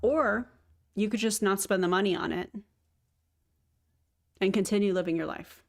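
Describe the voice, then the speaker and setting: A woman hosting a reaction commentary, talking back to clips in a sarcastic, joking way with quick asides. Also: medium pitch, vocal fry. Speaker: commentary host.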